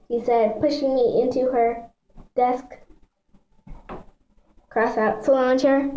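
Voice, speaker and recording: A woman's voice: high voice, fairly even intonation, slow, long pauses, warm tone, roomy sound, muffled recording. A woman reading a children's book aloud in a chatty way, stumbling over words and adding asides for her listeners. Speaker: reader.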